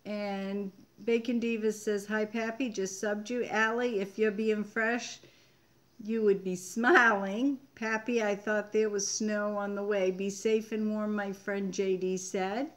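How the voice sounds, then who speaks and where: A woman's voice: medium pitch, level tone, a little slow. An older woman from Maine hosting a casual live-stream chat, reading viewers' comments aloud in a chatty way. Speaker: homestead channel host.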